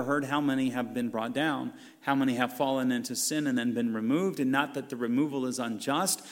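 A man's voice: mid-range voice, a bit bright, long reverb tail. A pastor preaching a sermon in an earnest, conversational way, often restarting his phrases.

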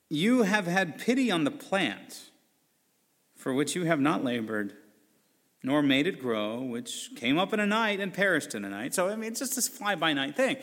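A man's voice: a little high, moderate pace. Man preaching in a reverberant hall. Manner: conversational preaching with animated, mocking quoted voices. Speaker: pastor. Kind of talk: sermon.

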